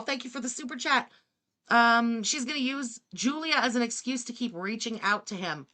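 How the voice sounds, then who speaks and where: A woman's voice: medium pitch, big pitch swings, normal speed, sharp tone. An English-speaking woman doing blunt, sarcastic live-stream reaction commentary, swearing freely. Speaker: streamer reacting to another creator.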